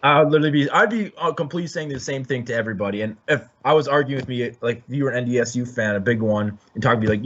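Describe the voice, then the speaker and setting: A man hosting a sports podcast, chatting casually and rambling, with many restarts and throat clearing. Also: medium pitch, very fast, few pauses, fairly bright tone. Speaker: podcast host. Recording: dull lo-fi audio.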